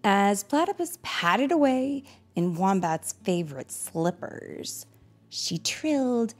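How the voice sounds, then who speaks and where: A woman's voice: medium pitch, sing-song, takes it slowly, a little mellow. A woman reading a picture book aloud, expressively and with chatty asides to her listeners. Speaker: storyteller.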